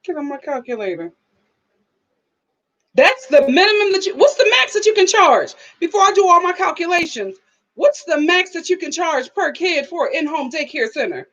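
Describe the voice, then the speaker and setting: A woman's voice: extremely high pitch, moderate pace. A woman hosting a live review stream, chatting casually with viewers and reading their comments aloud in a playful way with frequent laughs. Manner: animated and playful, laughs often.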